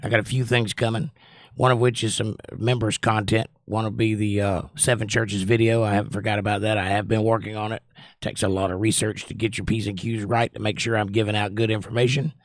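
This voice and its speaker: A hoarse man from North Carolina hosting a casual livestream chat, joking and rambling with viewers. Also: fairly low pitch, level tone, a little fast, dry recording, studio quality. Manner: joking, rambling, does silly voices. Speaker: livestream host.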